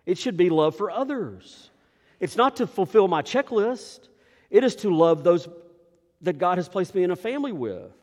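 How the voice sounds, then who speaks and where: A man preaching a sermon as pastor, swinging between emphatic rises and hushed, quiet drops. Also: a little high. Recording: long reverb of a large hall.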